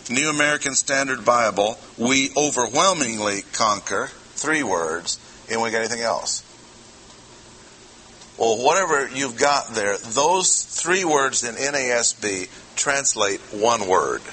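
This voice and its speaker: A man's voice: medium pitch, animated, a little slow, sharp tone, a little hiss or hum, low-quality recording. A man preaching an expository sermon, talking conversationally and putting questions to the congregation. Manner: conversational, asks the audience questions. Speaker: pastor.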